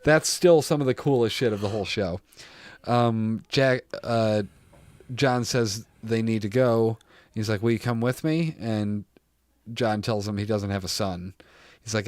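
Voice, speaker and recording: A man's voice: on the low side, darkish tone, no echo. A young man co-hosting a podcast, animatedly retelling TV scenes with quoted lines and casual swearing. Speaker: podcast co-host. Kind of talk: casual chat recapping a TV show.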